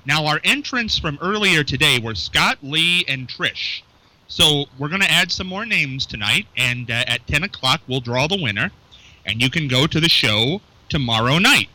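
A man's voice: a little high, lively intonation, pushed and bright, dry recording, rough recording. A man hosting a casual local radio show from a small studio, joking loosely with his co-host and callers. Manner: loose, chatty, joking, reads phone numbers slowly.

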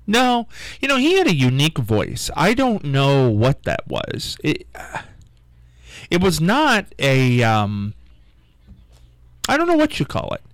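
A man's voice: a little high, wildly swooping pitch, slow pace, no room sound, poor audio. A male radio host in casual on-air chat, rambling and searching for his words.

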